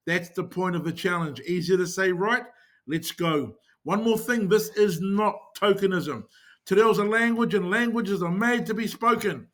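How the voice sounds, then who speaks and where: A man's voice: sits high, a bit bright. A man with a New Zealand accent teaching short phrases, repeating each one and urging listeners to say it like they mean it. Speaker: language teacher. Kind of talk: scripted language lesson.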